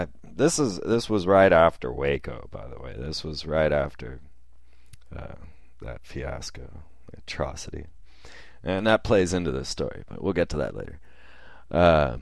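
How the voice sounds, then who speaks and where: A man's voice: extremely low pitch, vocal fry, dry recording, clean studio sound. A man telling a personal story in a casual, rambling way with fillers and chuckles.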